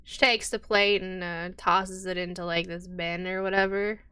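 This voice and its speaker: A woman's voice: on the low side, flat delivery, moderate pace, pushed and bright, smooth. A woman narrating as game master in a tabletop game, casual and chatty with many fillers.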